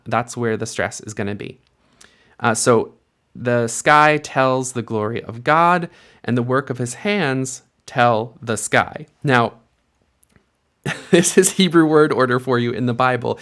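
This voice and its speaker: A young man teaching Biblical Hebrew, explaining letters patiently step by step and slowing down to read verses aloud. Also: mid-range voice, a bit bright. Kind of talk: instructional lesson with slow read-aloud.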